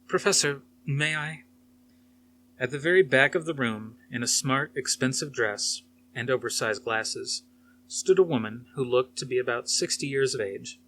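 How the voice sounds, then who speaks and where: A man narrating a novel aloud in a steady, plain storytelling manner. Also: medium pitch, normal speed, a little hiss or hum.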